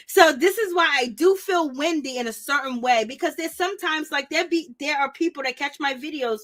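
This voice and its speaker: A woman's voice: sits high, brisk, few pauses, a bit bright. A woman giving blunt, sassy commentary on a reality TV show, talking trash in a casual gossip style. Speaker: YouTube commentator.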